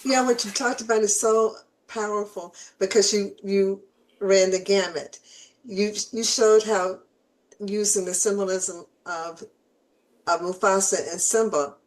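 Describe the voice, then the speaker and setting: A woman hosting an interview and working as a therapist, measured and affirming. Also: mid-range voice, steady tone, rough recording. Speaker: host, therapist.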